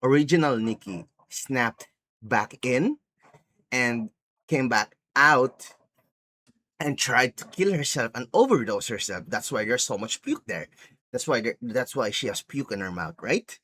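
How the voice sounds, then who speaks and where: Excitable man rambling through a recap. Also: medium pitch, measured pace. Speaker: movie reviewer. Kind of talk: casual recap vlog.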